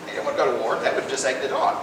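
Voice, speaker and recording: A man giving a casual public lecture in a library room, retelling history in everyday conversational talk. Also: rapid-fire. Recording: echoey room, distant mic, rumbling noise.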